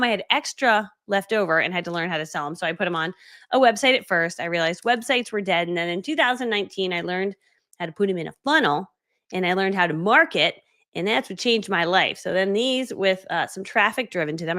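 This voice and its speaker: A woman telling her story casually on a livestream, animated and acting out quoted dialogue. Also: fairly low pitch, brisk. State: watery eyes. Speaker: online business coach.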